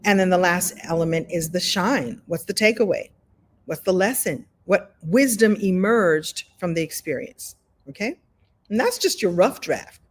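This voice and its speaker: Woman, live online workshop, conversational, animated, video-call sound. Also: fairly low pitch, unhurried. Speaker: story coach.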